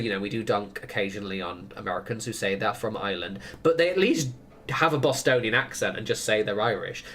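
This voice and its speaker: A man chats through a game stream in a loose, rambling way. He lets his opinions run into long tangents and laughs often, speaking at a middling pitch. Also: a bit bright, slight background noise. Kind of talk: casual chat while gaming.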